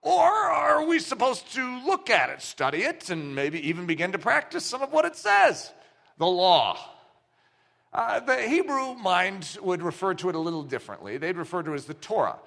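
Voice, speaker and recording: A man preaching a sermon, telling a story with acted-out dialogue in an animated way. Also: high voice, brisk, creaky, hardly any pauses.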